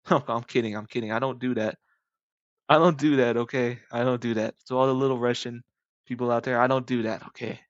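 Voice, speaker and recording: A man's voice: mid-range voice, no echo, lo-fi sound. Rambling jokey teenage guy. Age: late teens. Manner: jokey, rambling, self-correcting asides. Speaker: gaming video maker. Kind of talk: casual rambling commentary.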